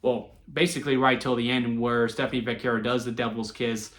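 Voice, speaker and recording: A man giving a casual solo wrestling review, chatty and animated, laughing often as he talks. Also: medium pitch, fairly quick. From Texas. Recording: echoey room.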